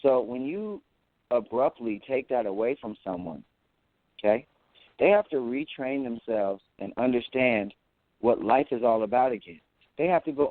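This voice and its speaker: A man talking as an interview guest, boastful and animated, who often repeats words as he goes. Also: medium pitch, a little slow, no echo. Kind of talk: casual interview talk. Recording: tinny phone-like audio.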